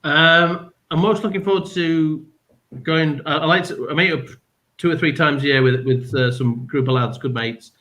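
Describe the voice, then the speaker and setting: A man who is a comedy panel guest, telling stories at an easy pace. His voice sits slightly high. He sounds unhurried and casual. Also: fairly bright tone, poor audio.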